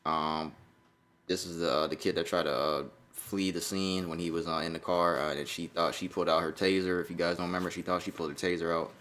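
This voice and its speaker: A man's voice: low voice, fairly even intonation, brisk, a bit bright. An American man co-hosting a casual podcast, talking loosely with lots of ums and uhs. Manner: loose, rambling delivery with many fillers. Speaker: podcast co-host.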